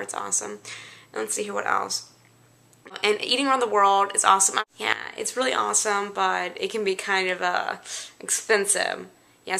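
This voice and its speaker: Chatty young woman with a gravelly voice. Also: medium pitch, sharp tone. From Louisiana, United States. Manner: chatty, exasperated, rambling. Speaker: vlogger. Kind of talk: casual chat.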